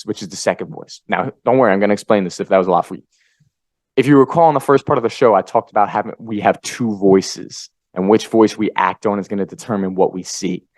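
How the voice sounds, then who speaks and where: A man hosting a motivational podcast, swinging between energetic pep-talk bursts and low, quiet asides. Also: dry recording. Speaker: podcast host. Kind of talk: motivational monologue.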